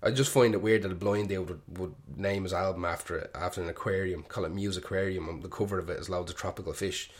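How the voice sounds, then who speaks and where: A man's voice: deep voice, fairly even intonation, quick pace, hardly any pauses. A young Irish man hosting a radio show, rambling casually, joking irreverently and swearing freely.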